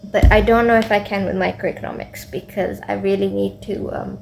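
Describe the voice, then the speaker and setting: A young woman student vlogger, worn out late at night, rambles through a casual video diary full of fillers and self-talk. Her mid-range, gravelly voice is fairly quick and fairly even, with few pauses, against a noisy background.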